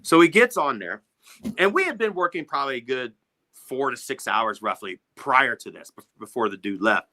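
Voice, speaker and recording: A middle-aged man, a music producer, telling studio stories as a guest with lively, swearing energy, acting out the people he quotes. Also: mid-range voice, moderate pace, no echo. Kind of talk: animated storytelling in a podcast interview.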